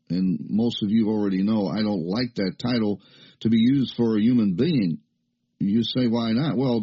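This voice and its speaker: A man's voice: medium pitch, warm tone, breathy edge. An older man preaching a sermon in an emphatic, folksy way, with fillers and rising questions. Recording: muffled lo-fi recording.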